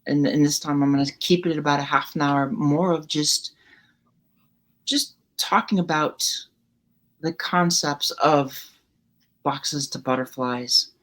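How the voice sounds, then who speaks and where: A woman hosting her live talk show, speaking in a reflective, encouraging and measured way. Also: sits low, fairly bright tone. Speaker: show host. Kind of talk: casual live show chat.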